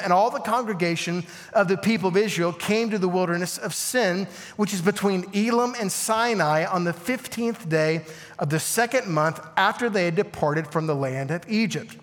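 A man preaching a sermon to a congregation, animated, with asides and questions to the room. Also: high-pitched, big-room sound. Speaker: pastor.

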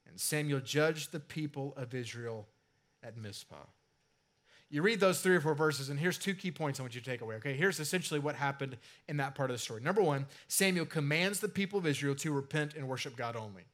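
A man's voice: on the high side, expressive, a little fast, fairly bright tone. A man preaching a sermon in a casual, conversational way, with asides and filler words. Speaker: pastor.

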